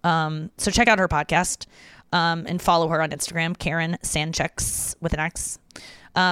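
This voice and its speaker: A woman's voice: fairly low pitch, brisk, fairly bright tone, clean tone, dry recording, clean studio sound. A young woman hosting a podcast alone, chatting candidly with fillers and frequent swearing as she reads out listener messages. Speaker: podcast host. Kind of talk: casual solo podcast, reading listener messages.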